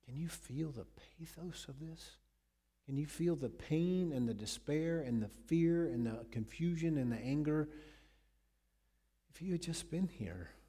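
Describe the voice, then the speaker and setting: Male preacher, sermon, mellow tone, long hall reverb, dramatic loud-soft swings. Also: medium pitch, unhurried, slightly rough. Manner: dramatic retelling with sudden loud and hushed swings. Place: church.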